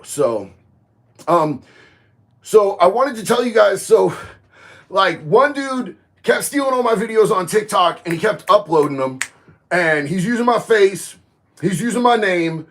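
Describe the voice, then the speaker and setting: A man, chatting casually on a livestream, reading viewer comments and getting loud and emphatic on his opinions. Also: sits high. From Florida. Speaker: livestream host.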